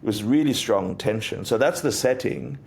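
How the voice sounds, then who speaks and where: A low, gravelly-voiced man, a Buddhist teacher appearing as an interview guest, tells a story casually on a podcast. He's an animated storyteller who acts out quotes, speaking at a moderate pace with slight background noise.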